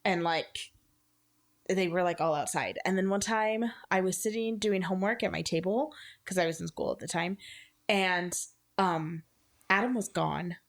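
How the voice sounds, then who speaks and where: A woman in her thirties, a podcast co-host, telling a personal ghost story in casual chat, animated and full of filler words. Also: on the low side, normal speed.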